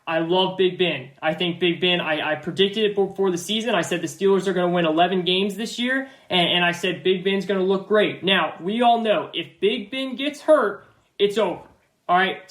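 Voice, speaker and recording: A man with a high, slightly bright voice hosts a football podcast in a roomy-sounding space. His sports analysis is confident and emphatic, and he often repeats phrases.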